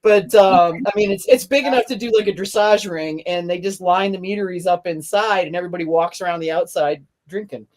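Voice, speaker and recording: A woman's voice: fairly low pitch, brisk, hardly any pauses, darkish tone. A woman hosting a casual podcast chat, rambling and laughing often as she tells stories. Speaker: podcast host.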